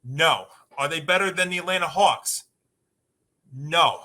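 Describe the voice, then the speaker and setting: A man's voice: a little high, unhurried, pushed and bright. A man co-hosting a sports talk podcast, arguing emphatically and rattling off long lists of teams.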